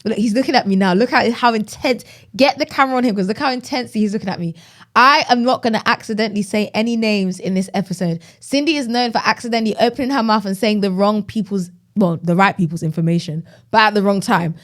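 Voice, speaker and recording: A woman co-hosting a podcast in casual chat, talkative and dramatic, fond of teasing. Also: mid-range voice. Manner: chatty, dramatic, quick to tease. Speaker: podcast co-host.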